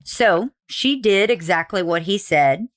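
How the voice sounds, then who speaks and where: A woman hosts a casual true crime podcast, swearing freely and acting out quotes from the people she covers. Her mid-range voice has a lively intonation, and she takes her time.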